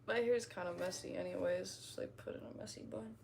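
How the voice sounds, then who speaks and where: Gravelly, blunt young woman streamer. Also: mid-range voice, fairly quick, music in the background. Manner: blunt, profane, rambling, reacting to comments. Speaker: streamer reading chat. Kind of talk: casual livestream chat.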